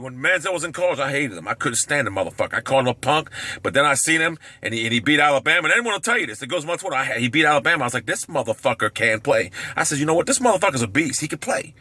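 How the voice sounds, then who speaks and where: Male vlogger, brash profane sports rant, sharp forceful voice. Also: no room sound. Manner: brash, swearing, lively pitch swings.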